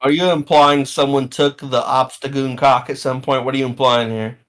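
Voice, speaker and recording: A man narrating and running a tabletop game as game master, in a relaxed, halting way. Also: medium pitch.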